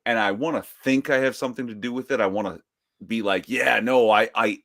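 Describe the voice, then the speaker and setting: A man with a lowish voice chats casually as a podcast co-host. He is wry and quick with a joke, and his talk is loose and offhand. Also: creaky, fairly bright tone. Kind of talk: casual chat.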